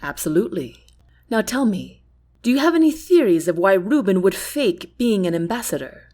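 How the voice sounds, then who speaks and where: A woman voicing a calm, kind young prince in an audiobook, speaking softly and earnestly. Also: mid-range voice, normal speed. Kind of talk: audiobook character reading.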